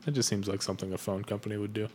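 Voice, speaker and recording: A man co-hosting a podcast in casual chat, dropping dry, deadpan quips. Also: lowish voice, rapid-fire, breathy edge. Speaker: podcast co-host.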